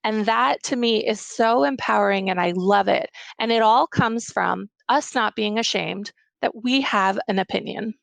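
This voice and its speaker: Candid gravelly-voiced woman on a panel. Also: medium pitch, moderate pace, few pauses, no echo. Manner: animated, candid storytelling with frequent restarts. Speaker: summit panelist, mother of three. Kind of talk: casual panel discussion.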